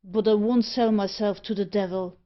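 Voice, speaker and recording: A woman's voice: medium pitch, fairly even intonation, normal speed, muffled recording, lightly acted. A woman reading the part of a cunning male tinker who extorts money, talking slyly and coarsely and dropping his h's.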